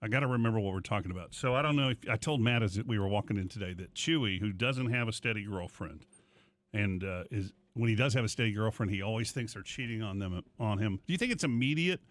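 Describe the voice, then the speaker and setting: A middle-aged man hosting a morning radio show, rambling through stories with animated asides in casual studio banter. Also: fairly low pitch, quick pace.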